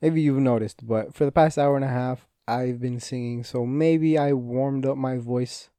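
Restless because of an injured hand, a young man talks through a casual solo podcast episode, rambling, swearing freely, and cutting himself off mid-thought. His medium-pitched voice is mellow, steady, and unhurried on a dry recording.

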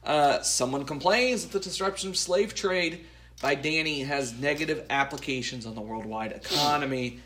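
A man co-hosting a podcast, recapping an episode from his notes in a halting way with many fillers. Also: a little high, sharp tone, a little hiss or hum. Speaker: podcast co-host.

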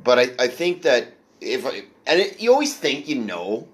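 A man's voice: medium pitch, big pitch swings, moderate pace. A man hosting a podcast in casual chat, laid-back and self-deprecating, with frequent swearing. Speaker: podcast host.

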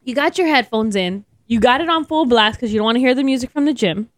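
Young woman, podcast co-host, animated storyteller, high voice, dry close sound. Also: fast, no echo. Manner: animated storytelling, lots of laughter and swearing. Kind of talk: casual chat.

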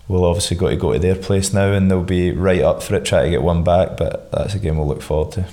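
A Scottish man in his thirties, a footballer answering interview questions in a relaxed, good-humoured way. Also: low-pitched, fast. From Scotland. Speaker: professional footballer guest.

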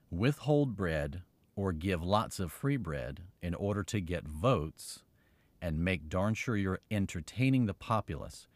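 Casting: low-pitched male podcast host, earnest and rambling, dry close-mic sound. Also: no room sound. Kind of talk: motivational podcast monologue.

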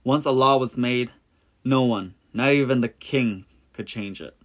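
A man reads a Bible story aloud at an ordinary mid pitch. His delivery is plain and steady, and he only lightly shades the quoted characters. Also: measured pace.

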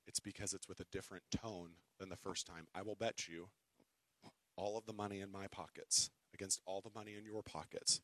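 A man preaching a sermon, with wry conversational asides, who reads scripture dramatically, swinging from loud declaiming to hushed whispers. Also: deep voice, dry recording. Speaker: pastor.

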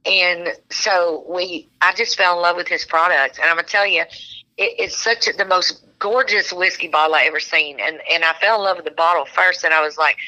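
A woman's voice: lowish voice, a little fast, bright, forceful tone, poor audio. An older woman with a Texas accent, a guest author chatting cheerfully on an interview podcast, laughing often and talking in a Southern drawl. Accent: Texan. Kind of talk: casual interview chat.

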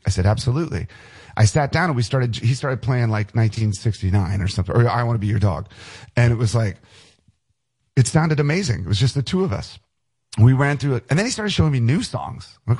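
Husky, profane man telling stories. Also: medium pitch. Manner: profane, animated storyteller. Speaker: guest musician. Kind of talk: casual storytelling.

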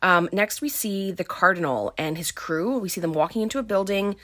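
A woman's voice: medium pitch, expressive, normal speed, pushed and bright, no room sound. A young adult woman casually recapping a film's plot, chatty and filled with "um" and "like". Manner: chatty, full of "um" and "like". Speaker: film recap host.

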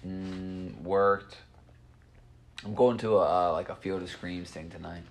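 A man's voice: low-pitched, steady tone, slow pace, faint music behind. Laid-back teasing young man. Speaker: podcast co-host. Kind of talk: casual chat.

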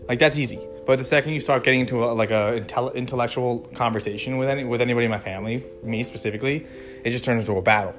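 A man's voice: medium pitch, very fast, faint music behind. A man in his late twenties, talking casually to camera in a rambling, conversational way, full of fillers and restarts. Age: 20s. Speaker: vlogger.

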